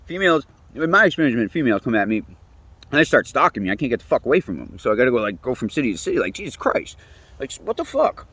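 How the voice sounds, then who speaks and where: Profane, rambling man with a lively voice. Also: medium pitch, rapid-fire, husky. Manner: profane, rambling, animated, laughs often. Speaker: interviewee. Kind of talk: casual rant.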